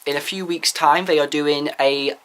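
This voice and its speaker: A man's voice: fairly high pitch, steady tone, normal speed, fairly bright tone, clean tone. A man giving candid, opinionated views in a rambling casual vlog. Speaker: vlogger.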